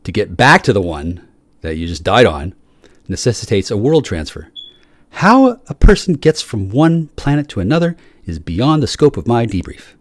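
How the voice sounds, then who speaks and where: A man in a rambling, profane monologue that swings from shouting to low muttering, often repeating and restarting his words. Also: very animated, moderate pace, no room sound. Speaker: solo speaker.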